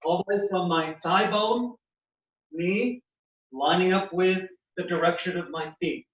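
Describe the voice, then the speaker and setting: A man's voice: sits high, unhurried, fairly bright tone, slight background noise. A male physical therapist explaining and demonstrating knee exercises step by step in a clinic. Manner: instructive, explains while demonstrating movements. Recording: echoey, distant, dull sound.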